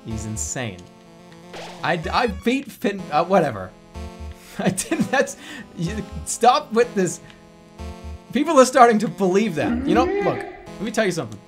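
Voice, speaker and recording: Excitable male streamer in his thirties, higher voice with wild swings, jokey delivery. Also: measured pace, long pauses, faint music behind. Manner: excitable, joking, swings from mumbling to shouting. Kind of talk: casual gaming stream commentary.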